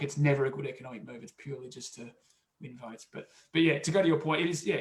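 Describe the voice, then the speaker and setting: Gravelly man, echoey room. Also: medium pitch. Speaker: guest researcher. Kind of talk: casual conversational interview.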